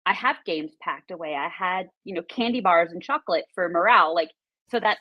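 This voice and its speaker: A woman guest in a casual TV reaction chat, talkative and stopping to quote herself in a higher voice. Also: a little fast, no echo, muffled recording.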